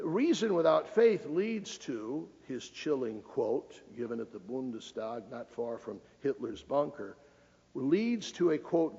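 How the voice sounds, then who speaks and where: A man's voice: medium pitch, vocal fry, warm tone, breathy edge. A man giving a public lecture as a cardinal, folksy and emphatic, joking with the audience. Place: lecture hall. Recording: lo-fi recording with long hall reverb.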